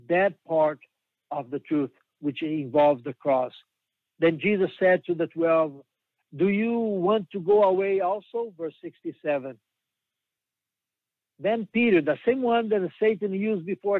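A man preaching a sermon slowly and emphatically, pausing often between phrases. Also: high-pitched, no room sound. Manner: slow, emphatic preaching with long pauses. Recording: dry, tinny phone-like sound.

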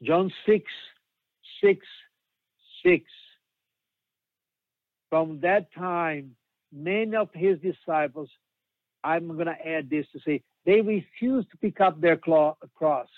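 A man preaching a sermon slowly and emphatically, pausing often between phrases. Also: a little high, no room sound. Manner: slow, emphatic preaching with long pauses. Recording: dry, tinny phone-like sound.

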